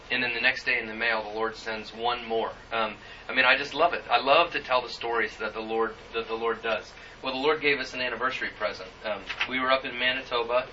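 Earnest preacher, bright voice, distant. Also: male voice, mid-range voice, slight background noise. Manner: earnest, halting storytelling with many fillers. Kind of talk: sermon with personal story. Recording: muffled, distant church recording.

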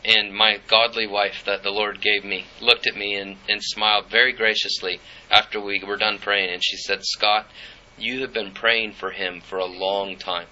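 A man's voice: lowish voice, level tone, normal speed, pushed and bright. A middle-aged man preaching a sermon, telling a personal story and reading scripture in an earnest way. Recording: dull lo-fi with faint noise.

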